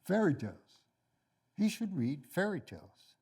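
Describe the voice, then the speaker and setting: A man voicing a calm, famous older scientist who answers in short, blunt replies. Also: high-pitched, unhurried, breathy edge, voice pushed up, full character voice. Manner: blunt, mild, brief replies.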